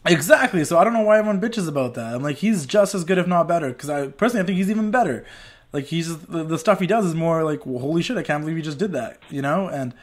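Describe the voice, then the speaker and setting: A man's voice: on the high side, lively intonation, quick pace. A man hosting a podcast, chatting casually and urging his guest on. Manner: casual and encouraging, with frequent fillers. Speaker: podcast host. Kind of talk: casual chat.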